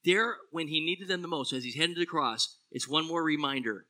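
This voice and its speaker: A man preaching a sermon as a pastor, animated, swinging between loud exclamations and hushed, low phrases. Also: fairly quick.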